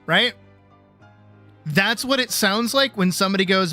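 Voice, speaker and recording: A man with a high, bright voice is teaching art on a casual stream. He is blunt, cheeky and profane, and faint music sits under his talk. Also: animated, unhurried. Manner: blunt, teasing, profane, lecturing with playful bravado.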